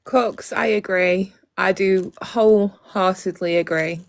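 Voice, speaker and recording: A woman's voice: medium pitch, steady tone, slow, creaky, dry recording. A woman hosting a casual livestream on a phone mic, blunt and profane, talking straight to her viewers. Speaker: livestream host.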